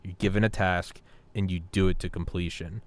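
A man in his thirties hosting a podcast, telling stories in an animated, casual way, swearing freely and repeating words. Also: deep voice, fairly quick, no room sound. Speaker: podcast host. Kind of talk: casual storytelling chat.

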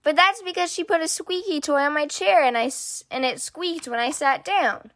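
A woman's voice: high-pitched, moderate pace, fairly bright tone, pitched above the performer's own voice. A woman voicing a young boy bear cub who complains and shifts the blame, in a storybook reading. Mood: complaining.

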